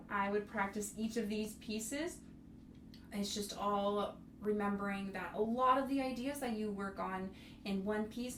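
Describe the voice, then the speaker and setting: A woman teaching young students a piece, speaking in an encouraging way and singing rhythms on syllables to show them. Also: medium pitch. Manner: sings rhythms on syllables to demonstrate. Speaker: bassoon instructor. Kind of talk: music tutorial. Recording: roomy, mic at a distance, faint noise.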